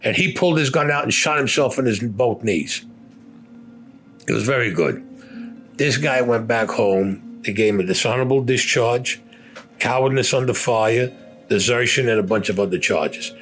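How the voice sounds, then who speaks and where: A man's voice: mid-range voice, normal speed, fairly bright tone, soft background music. An older man, a war veteran, telling a story in an interview in a blunt, profane way, cursing constantly.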